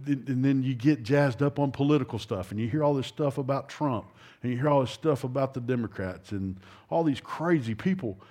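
A man's voice: medium pitch, mellow. A middle-aged man preaching an informal, folksy sermon, rambling with restarts and asides.

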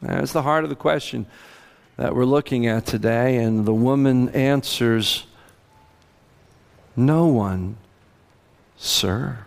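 In a church sanctuary with a big-room sound, a middle-aged male pastor preaches a sermon conversationally. His medium-pitched voice is gravelly yet smooth and a little slow, and he acts out the biblical voices in the story with animation.

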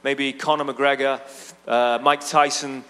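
Speaking at medium pitch with a level tone, this pastor is a little slow, somewhat bright and smooth. His sermon unfolds as a casual, chatty story full of asides to the congregation, echoing with the long reverb of a big church auditorium.

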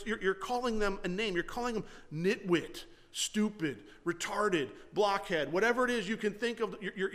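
A man with a high voice preaches a sermon, sounding earnest as he asks his listeners questions. He often stumbles over and repeats his words before pushing on. His voice carries a long reverb, as in a church sanctuary. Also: a bit bright. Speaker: pastor.

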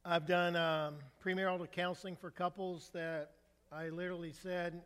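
An older male pastor preaching a sermon in a relaxed, storytelling way, with humor, asking the congregation questions. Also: fairly high pitch, normal speed, in a large hall. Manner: conversational storytelling with humor, asks the crowd for a show of hands. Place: church sanctuary.

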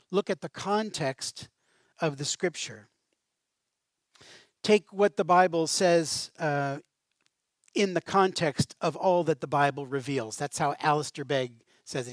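A man preaching a sermon in a conversational way. He speaks with animation and casual asides, in a fairly high voice. The sound is dry and close. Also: dry recording. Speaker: pastor.

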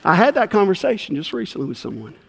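A man's voice: sits high, fast talker, creaky, husky. A man preaching a sermon as pastor, telling a story and acting out the voices of the people in it. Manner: animated storyteller, acts out voices in his tale. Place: church sanctuary. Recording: long hall reverb.

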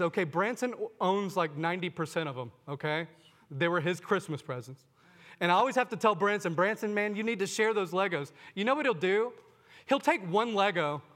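A man's voice: sits high, fairly bright tone, big-room sound. A man preaching a sermon to his congregation, earnest, often asking them questions and calling them "folks". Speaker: pastor.

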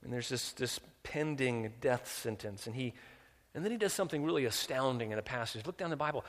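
A man preaching a sermon. He drops low and quiet, then climbs loud and high for emphasis, often repeating words as he restarts. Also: animated, a little fast. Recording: long reverb, large hall.

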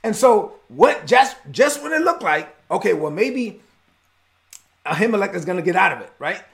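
A man preaching a sermon as pastor, retelling a scripture story with animated storytelling. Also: high voice, moderate pace, creaky. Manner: animated storytelling, acts out the characters.

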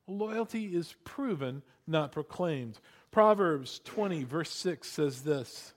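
A man preaching a sermon, telling stories with lively acted-out quotes and emphatic repetition. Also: fairly high pitch, slow pace. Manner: animated storytelling, acting out quotes. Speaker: pastor.

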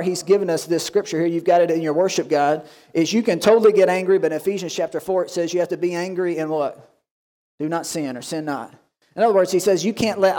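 A man pastor giving a lively sermon, acting out quoted voices and asking the congregation questions. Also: high voice. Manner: animated preaching, acts out quoted voices.

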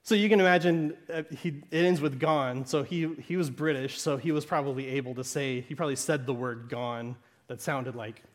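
Conversational preacher with a Southern Arkansas accent. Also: male voice, medium pitch, normal speed. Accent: Southern American (Arkansas). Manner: conversational, frequent "right?" and restarts. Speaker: pastor. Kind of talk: sermon.

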